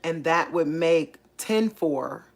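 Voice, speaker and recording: A woman, hosting a casual faith channel, talking excitedly and thinking aloud, repeating herself as she works things out. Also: low voice, slow. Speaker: online faith channel host. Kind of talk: casual livestream talk.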